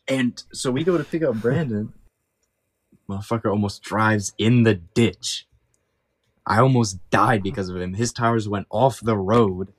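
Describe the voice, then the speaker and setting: A young man with a fairly low voice co-hosts a podcast in loose, casual chat. He tells stories with animated energy, swears freely, and acts out the lines other people said. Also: measured pace, husky. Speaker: podcast co-host.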